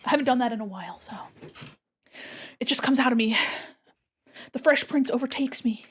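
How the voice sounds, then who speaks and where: Upbeat woman streamer with a slightly high voice, chatting loosely with her viewers while she draws. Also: a little fast, husky. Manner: bubbly, rambling, giggles often; chats with viewers, thinks aloud. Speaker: streamer painting digital art. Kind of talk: casual live-stream chat while drawing.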